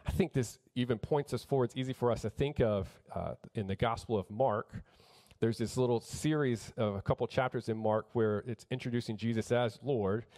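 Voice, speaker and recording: A middle-aged man delivers a sermon with earnest conviction. He builds emphasis by repeating phrases and often restarts his sentences mid-thought. His voice sits at an ordinary middle pitch. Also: normal speed, a little mellow. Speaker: pastor.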